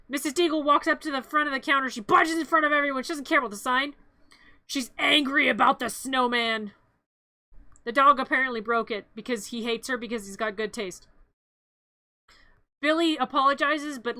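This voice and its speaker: A streamer, heard as a woman, recapping a movie in a rambling, playful way with quick jokey asides. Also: high-pitched, pushed and bright, no echo. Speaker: vtuber streamer. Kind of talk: comedic movie recap with silly voices.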